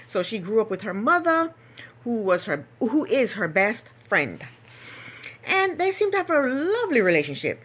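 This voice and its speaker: A woman's voice: mid-range voice, a bit bright. A woman hosting a casual solo recap of a reality show, chatty and opinionated, repeating herself for emphasis.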